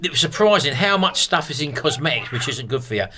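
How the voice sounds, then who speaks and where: A man's voice: fairly high pitch, animated, fast, pushed and bright, slight background noise. A middle-aged British man hosting a vlog, chatting casually and rambling to his viewers, whom he calls folks. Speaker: vlog host. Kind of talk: casual chat to camera.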